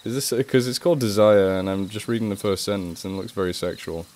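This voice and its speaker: English guy rambling on a live stream, mellow warm voice, laughs at himself. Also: lowish voice, fast talker, slight background noise. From England. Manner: chatty and rambling, self-mocking, laughs often. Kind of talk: casual live stream chat.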